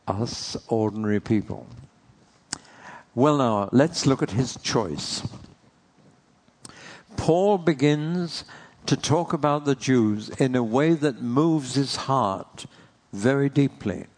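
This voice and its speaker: A man's voice: medium pitch, slow, pauses often, a little mellow. A man preaching a sermon in an earnest way, posing rhetorical questions to the congregation.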